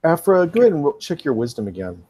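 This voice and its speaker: A man's voice: on the high side, very animated, fast, mellow, slightly rough. A man narrating as game master in a tabletop role-playing game, dry and teasing.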